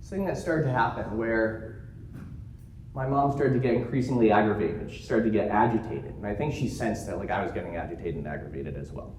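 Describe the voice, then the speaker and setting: A man giving a keynote talk to a live audience, telling stories in an animated way and joking along the way. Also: lowish voice, brisk, a little hiss or hum. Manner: animated storytelling with jokes. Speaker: keynote speaker. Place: conference room. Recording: roomy conference room sound.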